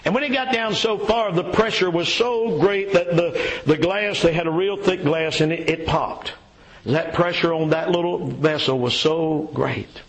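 Man, preacher, sermon storytelling, folksy, slightly high-pitched, repeats himself. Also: unhurried, poor audio. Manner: folksy, repeats words, many "you know" and "uh" fillers. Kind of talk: sermon with a read-aloud story.

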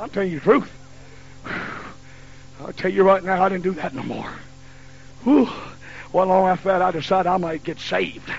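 Preacher in his 50s, high bright gravelly voice, folksy fiery sermon, lo-fi church tape. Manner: folksy storytelling. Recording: lo-fi recording with faint hum.

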